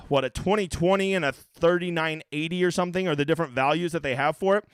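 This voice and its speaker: Fast-talking brash, profane male streamer. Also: fairly high pitch, clear, resonant tone, no echo. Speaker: fantasy golf streamer. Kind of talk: casual livestream chat.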